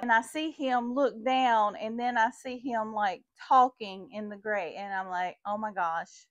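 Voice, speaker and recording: A woman's voice: a little high, dry recording, lo-fi sound. A middle-aged woman, chatting to viewers as she tells a story while working in her shop. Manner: chatty, addresses viewers as y'all. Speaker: vintage shop owner and vlogger. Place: her vintage shop booth.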